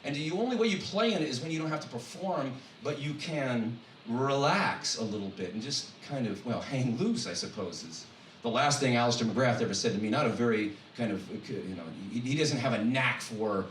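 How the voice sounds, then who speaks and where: A man, a guest speaker and college professor, giving a humorous sermon-style talk in a church, animated and full of joking asides. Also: mid-range voice, brisk. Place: church hall. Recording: echoey hall from far off, faint noise.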